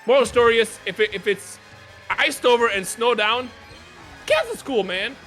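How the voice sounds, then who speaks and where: A young man playing on a stream, animated and laughing as he tells a story to chat. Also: very high-pitched, moderate pace, soft background music. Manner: animated, laughs mid-sentence, addresses chat. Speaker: guest player on a stream. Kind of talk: casual chat while gaming.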